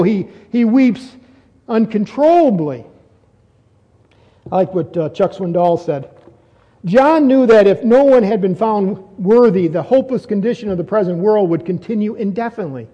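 A man's voice: high-pitched, expressive, a little slow, warm tone, in a large hall. A man preaching an expository sermon, reading scripture aloud and explaining it, building to emphatic repeated questions. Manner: teaching, reads scripture aloud then explains, rising to emphatic repetition.

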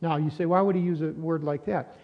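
A pastor preaching with a high voice, talking to his congregation in a loose, conversational way and throwing in rhetorical questions. His voice rings out with a long reverb, and the audio is muffled. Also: steady tone, a little fast. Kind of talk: sermon.

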